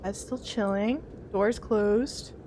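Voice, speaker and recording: A woman's voice: mid-range voice, steady tone, takes it slowly, warm tone, a little hiss or hum. A young woman streaming a horror game, jittery and talking to her chat as she checks things off aloud. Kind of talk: casual horror game let's play.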